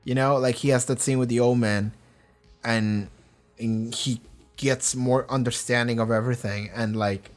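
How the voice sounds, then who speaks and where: A young man whose first language is not English, casually reacting to and reviewing a TV episode, animated and swearing as he acts out the characters' lines. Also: mid-range voice, moderate pace, faint music behind. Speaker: reaction video host.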